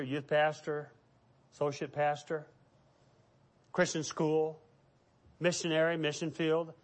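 A middle-aged man preaching a sermon as pastor, telling stories and acting out the voices of people he quotes. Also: on the high side.

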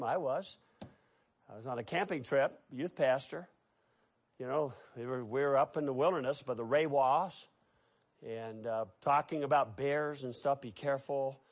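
High-voiced animated preacher man. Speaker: pastor. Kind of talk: sermon.

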